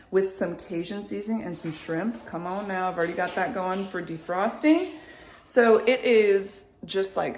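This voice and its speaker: A woman's voice: medium pitch, darkish tone, a little hiss or hum. A woman in her thirties chatting casually to her viewers in a vlog, upbeat and rambling, with lots of likes and ums. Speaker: vlogger, mother.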